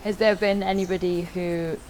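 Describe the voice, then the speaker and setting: A woman's voice: lowish voice, fairly even intonation, normal speed, darkish tone, a little hiss or hum. A woman hosting a casual interview, asking easygoing chatty questions. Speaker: interview host.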